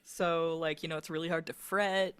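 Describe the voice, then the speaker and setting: A woman's voice: sits low, fairly even intonation, normal speed, clear, resonant tone. A woman player describing her character's actions casually, with many fillers. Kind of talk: casual tabletop play.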